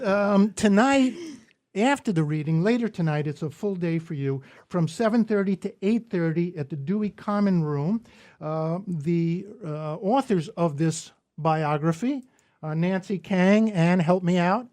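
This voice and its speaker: A man's voice: high voice, darkish tone. A man with a Brooklyn New York accent hosting a radio poetry show, chatting casually with many ums and jokes. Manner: halting, many ums, joking. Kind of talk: casual radio interview chat.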